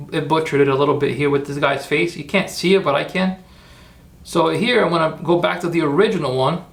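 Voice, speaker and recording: Brief: male streamer, gravelly, pitched a bit high, rambling commentary. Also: fairly bright tone. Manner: thinking aloud, rambling, self-correcting. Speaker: streamer making AI videos. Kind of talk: live-stream screen-work commentary.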